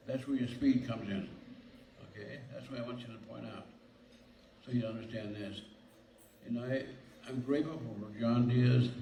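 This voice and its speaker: A man in his eighties giving a nervous, excited acceptance speech, rambling and halting with many restarts. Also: mid-range voice, a little hiss or hum. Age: 80s. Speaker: lifetime achievement award recipient. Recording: echoey hall from far off, faint ambience.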